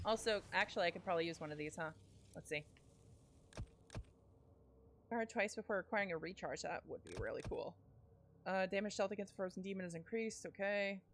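A woman streaming a video game, reading upgrade text under her breath and ranting loudly with swearing when things go wrong. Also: slight background noise. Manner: mutters upgrade text aloud in a low voice. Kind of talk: casual gameplay commentary.

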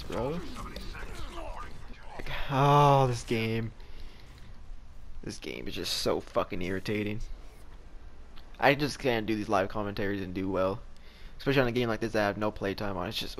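A young man giving live gameplay commentary, frustrated and swearing as he rants at the game. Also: fairly low pitch. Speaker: gameplay streamer.

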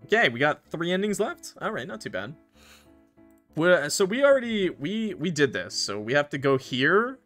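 Bright-voiced joking gaming streamer man. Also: on the high side, big pitch swings, moderate pace, soft background music. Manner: joking, swearing, self-mocking. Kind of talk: casual let's-play commentary to chat.

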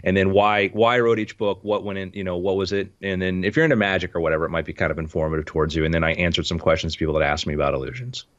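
A man's voice: deep voice, steady tone, very fast, few pauses, fairly bright tone, muffled recording. A man who designs illusions and writes books, chatting casually and rambling about his work. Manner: rambling, self-promoting. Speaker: illusion designer and book author. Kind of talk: casual chat.

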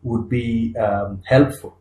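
A man co-hosts a podcast, his mellow, darker voice working through his ideas earnestly, with halting restarts before emphatic points. He sounds mid-pitched for a man, captured in a roomy, echoey space. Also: steady tone. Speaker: podcast co-host. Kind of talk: conversational discussion. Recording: echoey room.

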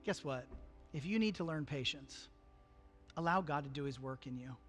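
A man preaches a sermon in an earnest, conversational way. His voice sits a little high, and it climbs when he drives a point home. Soft music plays faintly under his words. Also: normal speed. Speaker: pastor.

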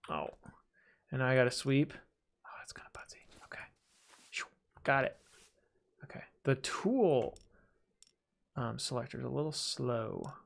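A man with a gravelly, fry-edged voice talks through a game as he plays it. He rambles casually, mutters to himself, and pokes fun at his own slip-ups. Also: medium pitch, animated, measured pace, long pauses. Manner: chatty, self-deprecating, talks to himself while playing. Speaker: gaming video host. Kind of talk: casual let's-play commentary.

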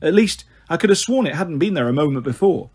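A man reading an audiobook aloud as a first-person narrator, steady storytelling. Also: fairly high pitch, fast talker, slightly rough. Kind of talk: scripted narration.

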